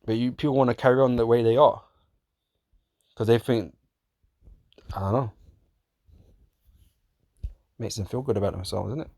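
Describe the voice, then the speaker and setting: A man preaching in a casual, profane way, often laughing, calling listeners man and bro, and reading scripture slowly in old-fashioned wording. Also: mid-range voice, steady tone, gravelly, a little mellow, no room sound, clean studio sound. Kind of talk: street-style sermon, reading scripture.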